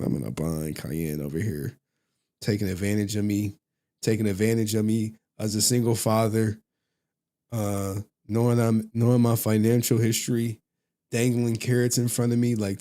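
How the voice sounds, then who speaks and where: Low-voiced joking livestream host. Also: male voice, darkish tone. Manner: loose, profane and joking, laughs often. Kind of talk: casual livestream chat.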